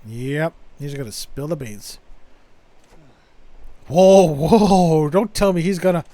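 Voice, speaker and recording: A man's voice: on the high side, takes it slowly, warm tone, no echo. A young man streaming a game, making wry, joking asides on a close microphone. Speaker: let's play streamer. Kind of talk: game commentary.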